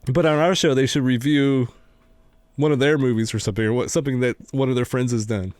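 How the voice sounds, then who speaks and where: A relaxed man co-hosts a casual podcast conversation and keeps his questions wry. His voice sounds dry and close to the mic. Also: mid-range voice, quick pace, dry recording. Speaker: podcast co-host. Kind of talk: casual chat.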